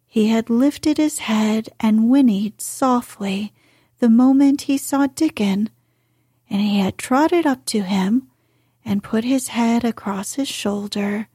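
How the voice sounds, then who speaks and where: A woman narrates a storybook in a soft, half-whispered delivery. Her voice is slightly high and husky, and she reads very slowly. The sound is dry and close. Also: dry recording. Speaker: audiobook narrator.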